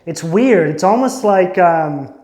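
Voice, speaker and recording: Speaking slowly in a high, slightly mellow voice with lively intonation, a male tarot reader works through an intuitive reading. He muses, searches for his words, and keeps cutting himself off partway through sentences. The recording has a roomy echo.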